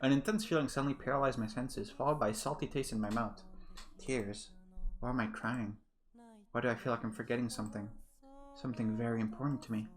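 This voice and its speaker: A man's voice: mid-range voice, fairly even intonation, brisk, close to an everyday voice. Man reading a lazy, grumpy schoolboy narrator. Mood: grumbling. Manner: dry, grumbling inner monologue.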